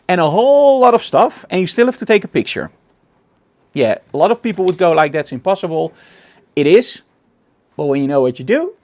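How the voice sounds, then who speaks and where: Dutch guy presenting a photo talk live, excited storyteller, says very very a lot. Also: fairly high pitch. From Netherlands. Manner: enthusiastic storytelling, repeats words for emphasis.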